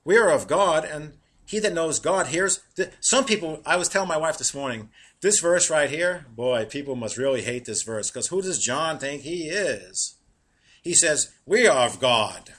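A middle-aged man with a slightly high voice preaches a sermon, animated and laughing at his own jokes. He slows down when reading verses.

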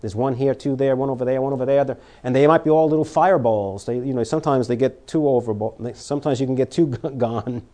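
A man preaching a sermon, reading scripture aloud and swinging between loud emphatic declarations and quiet warnings. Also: mid-range voice, fast, hardly any pauses.

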